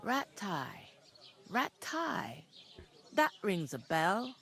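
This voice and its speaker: A woman's voice: mid-range voice, big pitch swings, extremely slow, a bit bright, heavily acted. A woman voicing a chatty, earthy village tavern keeper in a game, talking in a folksy, gossipy way. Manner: gossipy, homely, folksy talk.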